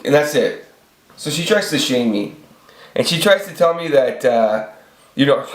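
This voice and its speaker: Speaking at a moderate pace in a medium pitch, this channel host in his 40s delivers an unscripted rant. He swears, rambles, and keeps starting over, and the room echoes.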